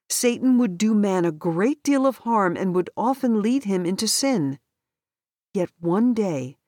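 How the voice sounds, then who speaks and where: Slow, calm woman reading a Bible story. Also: mid-range voice, no echo, clean studio sound. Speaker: storybook reader. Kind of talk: Bible story read-aloud.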